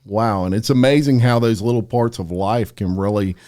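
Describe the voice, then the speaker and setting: A podcast host sits across the table from a guest for a casual interview, friendly in manner and full of fillers and restarts. His voice is fairly low with a dark tone, and he talks at a normal speed.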